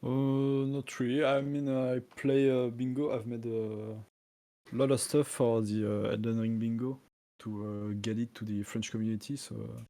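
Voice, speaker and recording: A man chatting on a stream, soft-spoken and hesitant with many fillers. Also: medium pitch, flat delivery, moderate pace, no room sound. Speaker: player. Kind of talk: casual stream chat.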